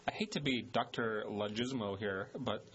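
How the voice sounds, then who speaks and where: A man's voice: fairly low pitch, normal speed, dull audio, a crowd in the background. A man co-hosting a call-in radio talk show, rambling and wordy, laughing often. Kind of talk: casual talk radio banter.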